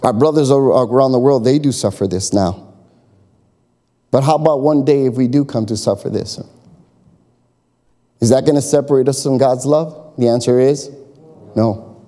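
A man's voice: medium pitch, normal speed, long pauses, mellow. A man preaching a sermon as pastor, emphatic, calling out to the congregation and whooping. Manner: emphatic, call-and-response, bursts of whoops. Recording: long reverb of a large hall.

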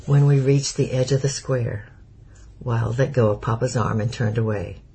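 Gravelly, husky male audiobook narrator. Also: medium pitch, steady tone, moderate pace, warm tone, rough recording. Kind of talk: scripted narration.

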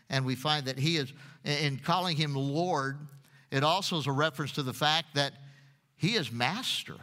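A man's voice: a little high, pushed and bright, big-room sound. A pastor preaching a sermon to his congregation, often repeating words as he goes and putting questions to the listeners. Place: church.

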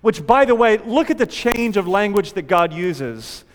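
A male pastor preaching an animated sermon, acting out panicked prayers along the way. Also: sits high, measured pace, big-room sound.

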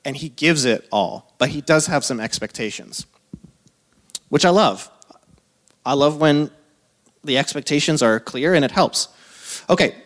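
A man in his thirties who is a pastor, preaching a sermon in a casual, conversational way, full of asides and quick laughs. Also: a little high, animated, fairly bright tone. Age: 30s.

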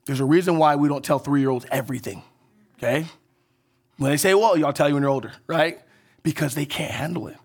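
A man preaching a sermon as pastor. He keeps checking in with the congregation with "right?" and "okay?", and swings between emphatic rises and soft drops. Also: on the high side, a little fast, creaky, husky.

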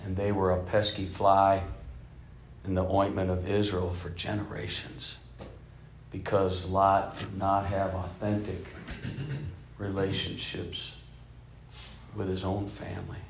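A man in his fifties preaching a sermon as a bishop, telling stories and swinging between loud emphasis and soft, hushed passages. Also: low-pitched, monotone, takes it slowly, long pauses, roomy sound, a little hiss or hum. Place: church sanctuary.

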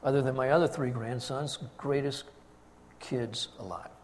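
An older man, a grandfather, preaching a sermon and telling a family story with lively, acted-out quotes. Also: mid-range voice, normal speed, in a large hall, slight background noise. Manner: storytelling, animated, acts out quotes. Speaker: pastor.

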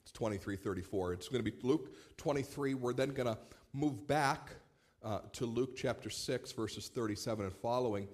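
A man, a pastor, preaching a sermon in a relaxed, storytelling way with light humor. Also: on the low side. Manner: conversational storytelling with warm humor.

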